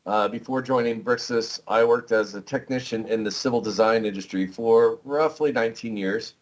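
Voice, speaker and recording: A man's voice: on the low side, normal speed, poor audio. A man speaking as a podcast guest, a bit hesitant, starting with ums and uhs. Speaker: podcast guest, implementation specialist. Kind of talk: casual interview answers.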